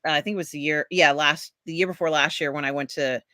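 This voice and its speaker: A woman's voice: low-pitched, fairly even intonation, fast talker, sharp tone, no room sound, studio quality. A woman hosting a casual pop culture livestream, rambling with many ums and reading viewer comments aloud. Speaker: podcast host reading chat. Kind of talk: casual chat.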